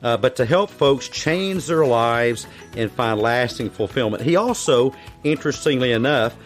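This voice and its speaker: A man's voice: mid-range voice, animated, moderate pace, faint music behind. Folksy Southern-accented male host. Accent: American Southern. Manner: folksy and chatty. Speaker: podcast host. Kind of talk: podcast interview hosting.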